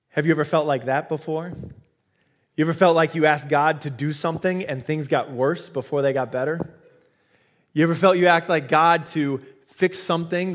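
A male pastor giving a sermon, retelling scripture in an animated, casual way. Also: a little high.

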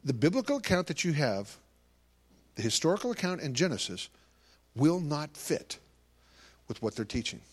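A man's voice: fairly high pitch, big pitch swings, moderate pace, long pauses, slightly rough. A man giving a live talk to an audience as a Christian ministry speaker, telling stories animatedly and acting out conversations.

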